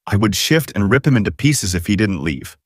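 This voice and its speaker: A man's voice: fairly low pitch, very animated, fairly quick, no room sound, clean studio sound. A man narrating a romance novel audiobook in the first person, with dramatic, emotive storytelling.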